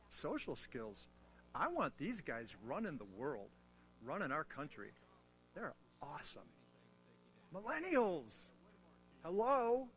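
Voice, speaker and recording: A man's voice: fairly high pitch, a little hiss or hum. A man giving a motivational talk on mentoring to a military audience, telling stories with playful asides and teasing humor. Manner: animated storytelling with self-mocking asides. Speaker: guest speaker on mentoring.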